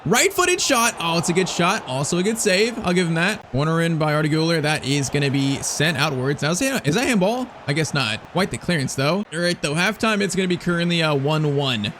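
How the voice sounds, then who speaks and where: A young man giving casual, excitable live commentary on his own football video game match, with slang and outbursts at big plays. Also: a little high, fairly quick, hardly any pauses, a little hiss or hum. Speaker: gaming YouTuber.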